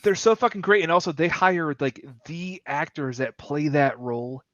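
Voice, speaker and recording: Male podcast co-host, eager fan energy, lightly higher pitch, dry dull-sounding mic. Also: normal speed, a bit bright. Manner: enthusiastic, quotes scenes, laughs. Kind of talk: casual movie discussion.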